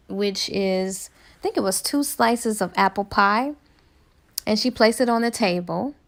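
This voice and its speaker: A woman's voice: medium pitch, vocal fry, fairly bright tone. A woman book reviewer retelling a novel's plot in a casual, chatty way with fillers and small laughs.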